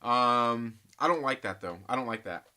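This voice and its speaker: A man with a bright, forceful voice at a middle pitch hosts a casual live stream. He reads viewer comments aloud and rambles through his thoughts, often restarting his sentences. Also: lively intonation, moderate pace. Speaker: host of a live movie chat stream.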